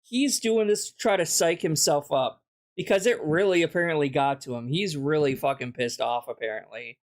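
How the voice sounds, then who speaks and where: Reacting to content as a commentary streamer, this man is blunt, crude and dismissive, ranting as he goes. He speaks in a loose, casual way, his pitch a touch high for a male voice, at a moderate pace.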